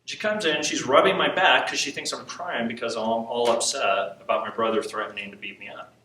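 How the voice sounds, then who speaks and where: A man preaching, telling a personal story with animated quotes and frequent laughs. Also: mid-range voice, a little fast. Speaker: preacher teaching on intercession. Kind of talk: sermon storytelling. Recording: echoey hall from far off, faint hiss.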